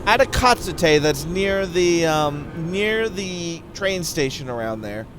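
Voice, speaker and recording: Chatty young man with a slightly high voice. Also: lively intonation, takes it slowly, fairly bright tone, slight background noise. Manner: rambling storyteller who thanks viewers mid-story. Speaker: game streamer. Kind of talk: casual live-stream chat.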